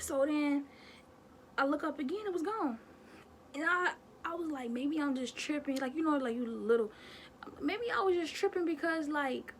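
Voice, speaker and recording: A young woman vlogger telling a childhood story in a chatty, animated way, talking straight to her viewers. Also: on the high side, slight background noise. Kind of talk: casual storytime.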